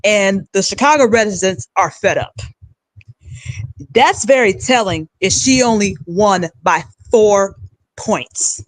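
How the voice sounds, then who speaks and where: A woman hosting a political commentary livestream. She rants bluntly and with emphasis, at a middle pitch, on a close, dry mic. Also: animated, slow, no echo, poor audio. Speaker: livestream host.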